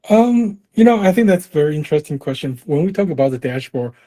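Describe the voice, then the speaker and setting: A man's voice: fairly high pitch, expressive, fast, warm tone. A man speaking as a guest in a casual conversation, explaining his points with slightly unusual phrasing.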